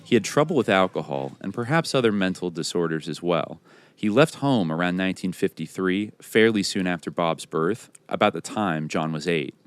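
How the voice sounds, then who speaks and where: Deep-voiced podcast host reading aloud. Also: male voice, animated, moderate pace, smooth, no room sound.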